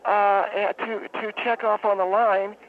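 A woman calling in to a radio show, telling a long story in a halting, rambling, deadpan way. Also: mid-range voice. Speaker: radio caller. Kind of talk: phone-in storytelling. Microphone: telephone. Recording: tinny phone line with faint hiss.

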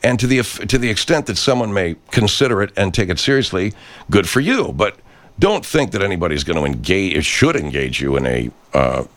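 A man's voice: low voice, animated, fairly quick. A man hosting a show, ranting in a brash, foul-mouthed, rambling monologue. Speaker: host. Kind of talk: profane rant monologue.

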